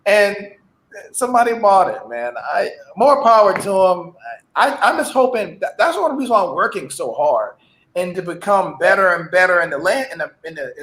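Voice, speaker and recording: A man's voice: sits high, a bit bright. A man on a podcast, laid-back and drawling, often adding "man" as he jokes. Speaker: podcast guest. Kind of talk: casual comedic chat. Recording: echoey room.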